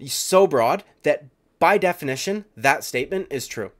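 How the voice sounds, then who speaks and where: A man's voice: on the high side, animated, normal speed. A man delivering reaction commentary on fighters as an MMA video commentator, ranting heatedly with constant swearing and a habit of saying "dude".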